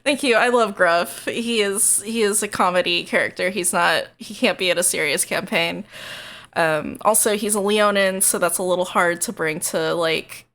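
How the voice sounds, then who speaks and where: A woman's voice: fairly low pitch, normal speed, a bit bright. A woman streamer in casual, rambling chat, hesitant and self-deprecating.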